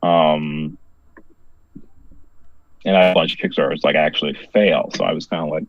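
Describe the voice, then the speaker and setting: A man's voice: rumbling low, steady tone, normal speed, lo-fi sound. A man, a comic book creator being interviewed, telling a story in a rambling casual way with lots of filler words. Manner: rambling, heavy use of "like" fillers, laughs often.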